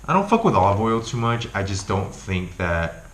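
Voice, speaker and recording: A young man vlogging at home, talking loosely and swearing often, with lots of ums and likes. His voice is deep yet bright and forward. The room sounds echoey, with a faint hiss behind him. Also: normal speed. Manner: profane, animated, lots of filler words. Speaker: health vlogger. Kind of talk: casual vlog rant and talk.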